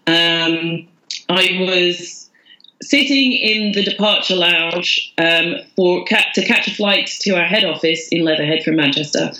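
A woman's voice: lowish voice, measured pace, sharp tone, roomy sound, low-quality recording. A woman, a podcast guest telling her story candidly and with self-mockery. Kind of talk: casual storytelling.

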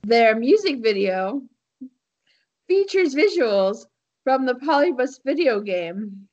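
A podcast co-host recounts a story in loose, casual conversation, packed with fillers and laughter. Her fairly high voice is animated yet slow, with a darkish tone, captured on a muffled recording.

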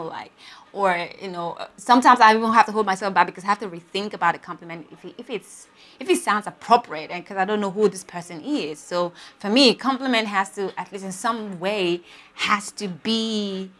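Young woman, podcast host; frank, expressive solo talk with swearing and laughs. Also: mid-range voice. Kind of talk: casual solo monologue.

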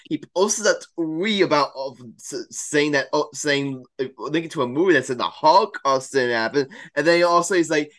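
A young man co-hosting a casual sports podcast, talking fast with stammered restarts. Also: fairly high pitch, bright, forceful tone. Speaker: podcast co-host.

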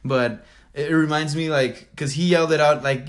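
A man's voice: on the high side, moderate pace. A young man co-hosting a casual podcast, rambling with lots of fillers and frequent laughter. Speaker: podcast co-host.

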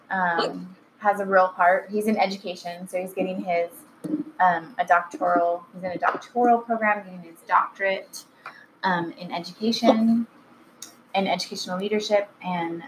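Woman podcast guest, earnest and chatty, faint background noise. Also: fairly low pitch. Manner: earnest, chatty storyteller with frequent "um". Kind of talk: casual podcast chat.

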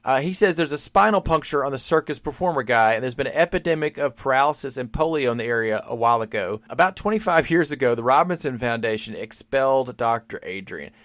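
Man, podcast co-host, casual plot recap, rambling, mid-pitched voice, dry close sound. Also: animated, a bit bright, dry recording. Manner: rambling retelling with quick acted-out quotes.

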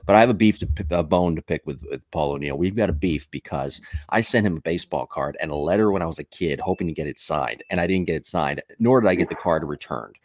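A man's voice: low-pitched, lively intonation, quick pace, hardly any pauses, a little mellow, no echo, studio quality. A man hosting a podcast in casual chat, telling rambling stories with many fillers and asides. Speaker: podcast host.

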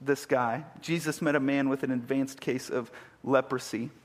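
A man's voice: medium pitch, fairly even intonation, normal speed. A man preaching a sermon, retelling a story vividly and building to emphatic peaks. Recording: long hall reverb.

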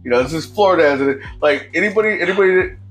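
A man's voice: a little high, very fast, a bit bright, soft background music. A man co-hosting a casual chat who asks questions and teases his friend in a slangy, laughing way.

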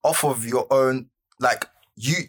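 Man, young adult, podcast host, halting questions, casual tone. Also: mid-range voice, fairly even intonation, slightly rough. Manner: stammering, restarts questions.

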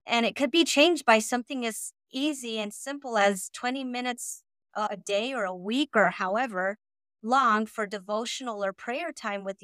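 Woman co-host, earnest and reflective, smooth clear voice, dry sound. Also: fairly high pitch, a bit bright, no room sound. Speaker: podcast co-host. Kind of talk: casual chat.

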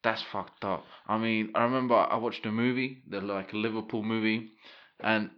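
A British man chatting casually as a podcast guest, relaxed, with casual swearing. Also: lowish voice, moderate pace, dull audio. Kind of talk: casual chat.

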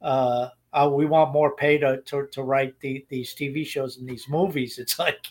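A man's voice: medium pitch, fairly even intonation, unhurried, slightly rough. A man co-hosting a podcast, giving blunt opinions in casual chat and rambling with frequent restarts. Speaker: podcast co-host.

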